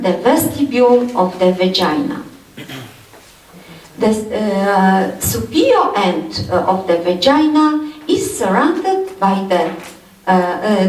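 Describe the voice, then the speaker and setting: Woman, anatomy lecturer, slow with many fillers, roomy echo. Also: fairly high pitch. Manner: halting, many fillers and repeated "yes". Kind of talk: university lecture. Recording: echoey lecture hall, mic far off.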